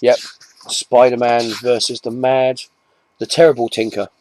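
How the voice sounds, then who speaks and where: A man's voice: medium pitch, fairly even intonation, normal speed, darkish tone, no echo. A man with an English accent chatting casually to camera, rambling and often restarting his sentences, with self-mocking asides. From England. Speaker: comic collector vlogger.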